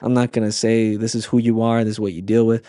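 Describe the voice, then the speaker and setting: A man's voice: on the low side, level tone, fast talker, mellow, no room sound, studio quality. A man on a podcast as a guest and youth camp leader, telling a personal story in an earnest way, with many restarts and fillers.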